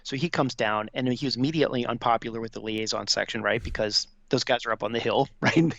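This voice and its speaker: Man, podcast guest, rapid storytelling, dry dull-sounding audio. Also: mid-range voice, gravelly, dry recording. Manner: animated, quick anecdotes with many fillers. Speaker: podcast guest, former Marine officer. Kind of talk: casual storytelling.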